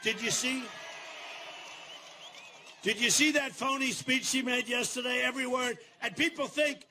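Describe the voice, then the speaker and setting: Older man, campaign rally speech, very high voice, faint background noise, boastful, shouted slogans. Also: steady tone, a little slow. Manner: boastful, repetitive, talks to the crowd in asides. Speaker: political candidate. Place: large rally venue.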